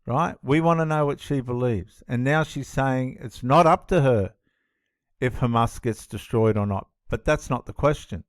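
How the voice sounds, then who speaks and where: A man's voice: medium pitch, moderate pace, no echo, studio quality. A man giving indignant, emphatic reaction commentary on a clip, often repeating himself.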